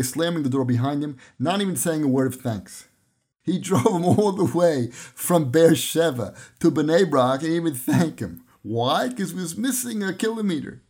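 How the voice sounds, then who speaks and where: A man's voice: a little high, animated, normal speed, a little mellow, husky. A man giving a Torah lesson on his podcast, telling stories and briefly acting out the people in them. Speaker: rabbi teaching on a podcast.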